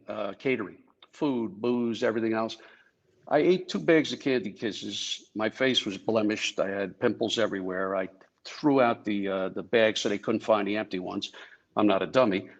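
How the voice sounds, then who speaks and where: An older man from New Jersey, a former Secret Service agent, telling stories in an animated, joking way and acting out the dialogue. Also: fairly low pitch, normal speed, lo-fi sound. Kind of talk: anecdotal storytelling.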